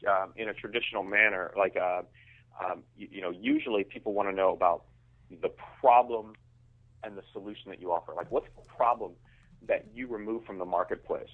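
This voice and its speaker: A man's voice: lowish voice, a little fast. Male guest heard over a thin, phone-like line, emphatic and self-restarting. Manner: emphatic, repeats words when starting sentences. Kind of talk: conversational business interview.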